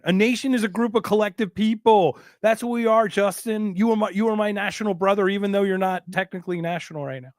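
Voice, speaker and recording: A man hosting a podcast, telling a funny story in a lively, joking, sometimes profane way. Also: sits high, no room sound, clean studio sound. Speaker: podcast host. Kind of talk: casual storytelling chat.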